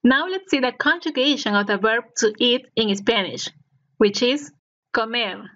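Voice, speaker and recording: A woman narrating a scripted language lesson as the teacher, speaking slowly and clearly so learners can repeat after her. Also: fairly high pitch, expressive, fairly bright tone. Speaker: Spanish teacher. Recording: dull lo-fi recording.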